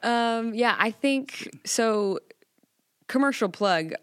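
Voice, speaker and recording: A woman guest on a podcast, chatting in a lively, joking way about teaching a class. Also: fairly high pitch, slow pace, clear, resonant tone, no room sound, clean studio sound. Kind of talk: casual chat.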